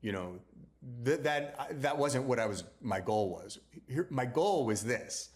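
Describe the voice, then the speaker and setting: In an unhurried, medium-pitched voice with lively intonation, a man who writes novels shares the story behind his book in a relaxed interview. He chats freely, restarts his sentences, and performs others' words in quotes.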